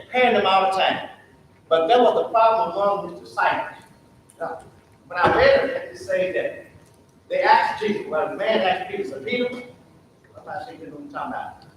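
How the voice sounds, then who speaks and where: A high-voiced man leads a Sunday school lesson in a preacherly call-and-response style, firing questions at his class. He is recorded from a distance in a church room that rings with heavy echo. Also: slight background noise. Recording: very echoey church room from far off.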